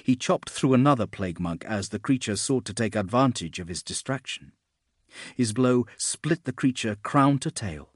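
A man reading fantasy fiction aloud in a steady, measured narration. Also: medium pitch, no room sound, clean studio sound. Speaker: audiobook narrator.

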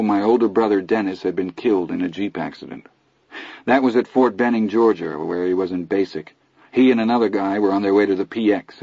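A man reading a first-person novel aloud in a steady, reflective storytelling manner, in a dull lo-fi recording. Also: sits low, no room sound. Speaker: audiobook narrator. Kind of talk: first-person literary narration.

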